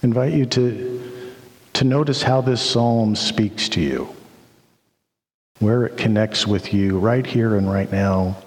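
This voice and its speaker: Guy giving a sermon, really slow and thoughtful, lots of pauses, echoey church hall. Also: lowish voice. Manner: slow, reflective, with many pauses. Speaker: pastor. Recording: long reverb of a hall.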